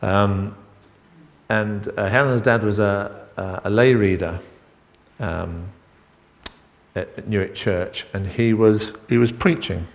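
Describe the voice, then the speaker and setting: A middle-aged man preaching an informal sermon, halting and full of restarts and asides as he talks with the congregation. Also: on the low side, vocal fry. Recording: long reverb in a hall.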